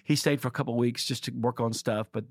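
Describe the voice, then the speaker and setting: A man, a pastor, telling church stories in a conversation, animated and acting out the quotes of people he talks about. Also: medium pitch, fast talker, no room sound, studio quality. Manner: animated, acts out quoted dialogue with voice shifts. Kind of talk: storytelling in a conversation.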